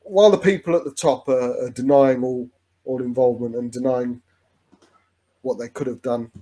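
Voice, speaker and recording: Chatty fan with a mellow voice. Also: male voice, mid-range voice, steady tone, normal speed. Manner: chatty, rambling with many restarts, says "mate" a lot. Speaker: fan co-host. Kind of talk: casual football watch-along chat.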